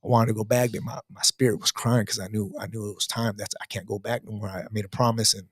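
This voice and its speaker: Fast, slangy man in his thirties, husky and dry, telling his testimony with lots of restarts. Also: lowish voice, flat delivery, fairly bright tone, no room sound. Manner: fast, emphatic, street slang, many restarts. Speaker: guest sharing testimony. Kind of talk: casual storytelling testimony.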